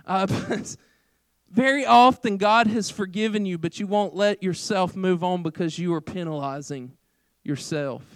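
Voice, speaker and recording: A middle-aged man, preaching a sermon in a casual, conversational way with lots of fillers, swinging between loud emphasis and quiet asides. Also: high voice, no echo. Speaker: pastor.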